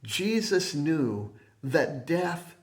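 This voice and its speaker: Male minister preaching; deliberate, slow, stop-and-start delivery, goes quiet on quoted lines. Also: fairly high pitch, very animated. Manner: slow, halting delivery with many restarts, dropping soft when quoting. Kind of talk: sermon.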